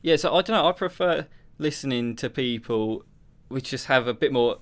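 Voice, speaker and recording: A man's voice: medium pitch, lively intonation, normal speed. A young man from southern England co-hosting a podcast in a rambling, casual chat. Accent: Southern English. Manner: chatty, rambling, slips into mock accents. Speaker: podcast co-host.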